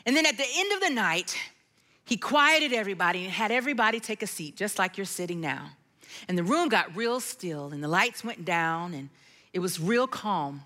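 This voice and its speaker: A middle-aged woman giving a sermon testimony, telling her story expressively, dropping to hushed tones and singing bits of lyrics. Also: mid-range voice, animated, normal speed. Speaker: worship leader giving testimony.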